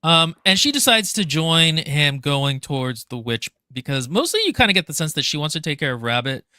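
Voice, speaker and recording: A man's voice: fairly high pitch, big pitch swings, fairly quick, bright, forceful tone, no room sound, clean studio sound. A man co-hosting a book podcast who chats about the story with many fillers. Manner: chatty, with fillers and laughs. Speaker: podcast co-host. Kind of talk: casual book discussion.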